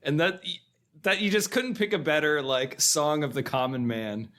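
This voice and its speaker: A man's voice: fairly high pitch, big pitch swings, moderate pace, fairly bright tone. A man co-hosting a film podcast, talking casually and chuckling as he recounts scenes. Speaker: podcast co-host.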